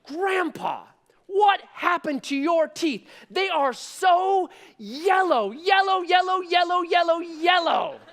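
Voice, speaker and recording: A man voicing a bold, loud little girl of about six, who teases and shouts. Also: very high-pitched, slow, pitched above the performer's own voice, exaggerated voice. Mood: teasing shout. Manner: shouting, teasing, sing-song.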